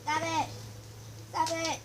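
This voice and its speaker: High squealy young woman, cracking voice. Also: slow pace, a loud crowd. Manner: squealy, excitable, talking to a cat. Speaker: vlogger. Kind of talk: casual vlog chat. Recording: loud noisy background.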